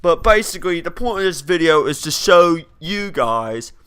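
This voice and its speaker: A man's voice: on the high side, very animated, normal speed, a bit bright, clear, resonant tone. A young man giving casual, brash and crude game commentary, ranting and mocking other players. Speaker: gameplay commentator.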